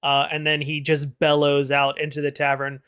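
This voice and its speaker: A man narrates a tabletop game as its game master. His voice sits a little high, and his talk is relaxed and full of small fillers. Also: moderate pace, clean tone.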